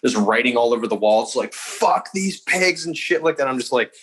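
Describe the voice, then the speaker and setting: Guesting on a podcast, a young man tells a story in a fast, loose ramble full of fillers and cursing. He speaks at a medium pitch on a rough recording.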